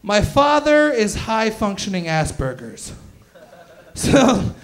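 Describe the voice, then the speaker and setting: A man in his twenties doing a stand-up comedy set on a club stage, loud, crude and bantering with the crowd. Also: high voice, sing-song, takes it slowly. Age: 20s.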